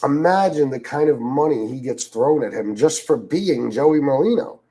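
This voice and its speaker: A man's voice: medium pitch, normal speed, breathy edge, rough recording. A middle-aged man hosting a livestream, ranting in casual, profane commentary full of repeats and asides. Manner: profane, repetitive, animated storytelling. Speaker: livestream host.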